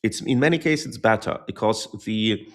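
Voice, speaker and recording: A man with a low, gravelly voice speaks as an interview guest. He talks earnestly and bluntly, stopping often to hunt for the right word. His tone stays conversational throughout. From born near Moscow, Soviet Union. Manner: earnest, searches for words with frequent pauses; outspoken and blunt. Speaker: guest volunteer.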